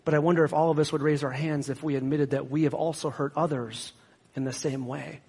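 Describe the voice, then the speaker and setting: A man's voice: on the high side, steady tone, a little fast, darkish tone, slightly rough. A man preaching a sermon as pastor, conversational and self-deprecating, with sarcastic asides. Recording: long hall reverb.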